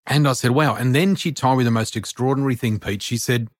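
Animated middle-aged man telling stories. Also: medium pitch, quick pace, no room sound, clean studio sound. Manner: animated storyteller, acts out voices, laughs often. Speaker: guest, spiritual teacher. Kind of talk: storytelling in a podcast chat.

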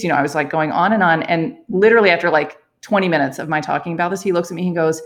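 A woman's voice: fairly low pitch, quick pace, few pauses. A young adult woman, a doctor, casually telling a personal story, laughing often and acting out what people said. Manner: animated, laughs often, acts out quoted lines. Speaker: physician telling her story.

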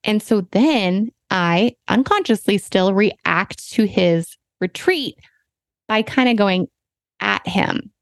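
A woman hosting a podcast, telling a personal story in a candid, animated, self-deprecating way. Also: medium pitch, takes it slowly, no room sound. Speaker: podcast host.

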